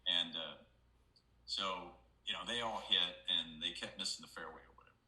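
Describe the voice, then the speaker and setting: A middle-aged man with a low, very bright voice, spinning a lively anecdote for an interviewer. He slips into other people's voices to act out the story. The room around him rings with a noticeable echo. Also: normal speed. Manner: animated storyteller, acts out quoted voices. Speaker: guest, golf analyst. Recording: roomy echo.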